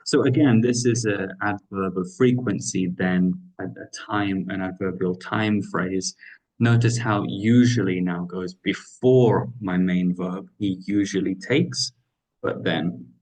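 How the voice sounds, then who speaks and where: Male teacher, low-ish voice, unhurried delivery, talks learners through exercises one by one. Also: darkish tone, poor audio. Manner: patient, explains step by step, checks in with "right?". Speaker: English teacher. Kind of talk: grammar lesson walkthrough.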